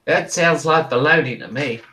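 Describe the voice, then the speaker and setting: A man voicing a hostile, hairy Australian man with a beer, in a put-on Australian accent and a gruff, scoffing manner. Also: on the high side, moderate pace, bright, forceful tone, a little hiss or hum. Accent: Australian, attempted.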